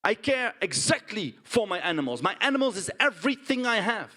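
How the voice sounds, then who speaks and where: An actor with a Dutch accent plays a blunt, indignant pig farmer in a stage monologue, often tagging lines with "huh?" and "right?". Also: male voice, sits high, a little fast, full character voice. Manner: blunt, animated storytelling with frequent "huh?" and "right?" tags. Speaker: stage performer. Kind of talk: theatrical monologue.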